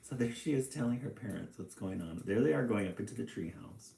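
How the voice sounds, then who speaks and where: A man reading a children's picture book aloud, with relaxed, chatty asides between passages. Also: lowish voice, brisk, vocal fry, a little hiss or hum. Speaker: storybook reader. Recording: echoey room.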